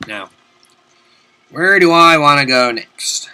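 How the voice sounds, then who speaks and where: Young male gamer, bright voice, rambling casual commentary with loud swearing outbursts. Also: mid-range voice, animated, moderate pace. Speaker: let's play commentator. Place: home room at his desk.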